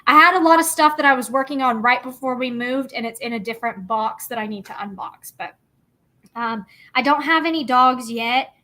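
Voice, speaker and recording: Young woman, bubbly livestream chatter, rambling, slightly high voice. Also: brisk, sharp tone. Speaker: craft livestream host. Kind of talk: casual livestream chat.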